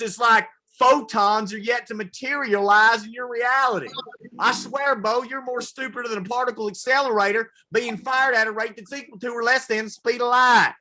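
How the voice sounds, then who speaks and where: A man putting on a high, shrill Southern racist who rants about physics like a know-it-all. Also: bright, forceful tone, exaggerated voice. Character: dumb Southern male racist lecturing on physics.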